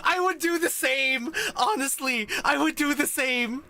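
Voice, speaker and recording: A man's voice: extremely high pitch, unhurried, pushed and bright. A man streaming a live reaction to a game story, talking emotionally and stammering as he gushes.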